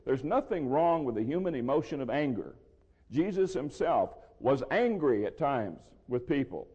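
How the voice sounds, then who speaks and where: A man teaching through a Bible passage verse by verse, measured and explanatory, with a dry throat he soothes with water. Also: medium pitch, sing-song, a little mellow, slightly rough. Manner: measured, explanatory, restarts phrases. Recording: lo-fi with long hall reverb.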